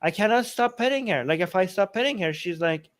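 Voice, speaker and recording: Guy co-hosting a chat show from home, heated and emphatic, kinda high voice. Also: lively intonation, brisk. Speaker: co-host of a news talk show. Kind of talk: casual opinionated chat. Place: at home with dogs.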